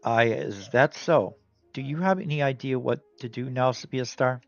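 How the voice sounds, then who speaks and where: A man's voice: mid-range voice, normal speed, no echo, pitched above the performer's own voice, natural voice. A man doing a formal, courteous librarian. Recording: dull lo-fi audio, faint game music.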